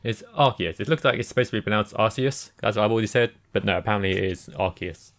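A man's voice: fairly low pitch, steady tone, very fast, fairly bright tone. A man co-hosting a gaming podcast, talking casually, laughing often and agreeing with his co-host. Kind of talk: casual chat.

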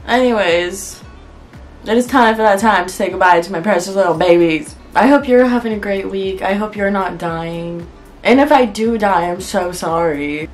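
A woman chatting casually to camera as a crafting vlogger, unwell and worn out, rambling in a wry, frustrated way and laughing through her complaints. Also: mid-range voice.

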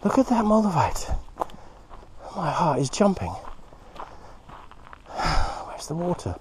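A man hosting a casual vlog outdoors at a quarry. He talks excitedly, gasping and dropping into breathy whispers. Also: high voice, slow, background noise. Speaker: host, moldavite hunter.

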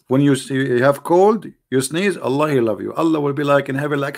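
A man's voice: mid-range voice, fairly quick, creaky. A man with an Arabic accent, a native Arabic speaker, giving a sarcastic monologue as an online critic. He mocks his subject and keeps asking the viewers rhetorical questions. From Arab world. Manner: mocking, rhetorical, speaks straight to the audience.

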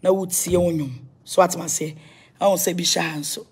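A woman's voice: fairly low pitch, steady tone, a little fast, darkish tone, breathy edge. A Ghanaian woman vlogging casually at home, chatting to viewers in a loose mix of languages and blessing them. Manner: mixes Twi and English, chatty, blesses viewers. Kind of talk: casual home tour vlog.

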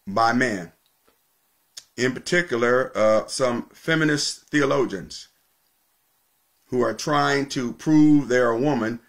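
A male pastor preaching a sermon, teaching with emphatic repetition and slowing down to stress key points. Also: mid-range voice, fairly bright tone.

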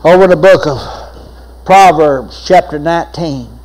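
A man's voice: sits high, animated, moderate pace, pauses often, rough recording. An older man, preaching a sermon as pastor, telling folksy stories with laughs and repeated phrases.

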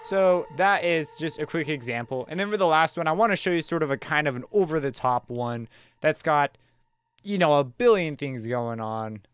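A man teaching a casual music production tutorial, talking in a relaxed, chatty way with slang and plenty of fillers and self-corrections. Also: fairly high pitch, normal speed, clear, resonant tone, dry recording. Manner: enthusiastic, uses slang. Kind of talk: casual screen-recorded software tutorial.

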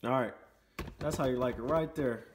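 A man's voice: mid-range voice, normal speed, a little hiss or hum. A man chatting to the camera, telling a story and acting out the quotes. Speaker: vlogger. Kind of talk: casual storytelling. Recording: echoey room.

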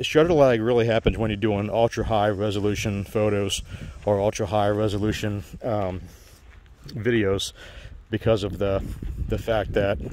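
A man's voice: lowish voice, background noise. A man casually explaining phone tech to viewers, rambling with many fillers and restarts. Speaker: channel host giving phone advice.

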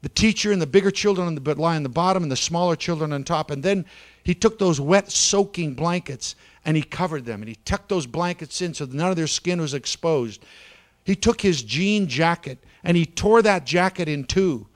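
A man's voice: fairly high pitch, lively intonation, normal speed. Dramatic male preacher telling a story. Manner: dramatic, swings from loud to hushed. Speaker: pastor. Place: church sanctuary.

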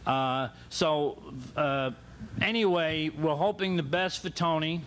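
Rambling talk show host with slightly high voice. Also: male voice, a bit bright, slight background noise. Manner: rambling, halting, with many fillers. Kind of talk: introducing guests on a talk show.

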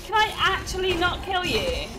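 A woman's voice: very high-pitched, normal speed, over loud music. A woman commenting while playing a horror game, jumpy and swearing, often screaming at the scares. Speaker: gaming YouTuber. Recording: steady background noise.

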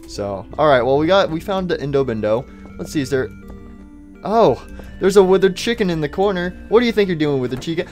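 A young man talking through his gameplay in a loose, joking way, teasing the characters he finds and muttering quick asides. His voice sits at an ordinary middle pitch, with faint game music behind him. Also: a little mellow. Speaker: gaming YouTuber. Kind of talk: casual let's-play commentary.

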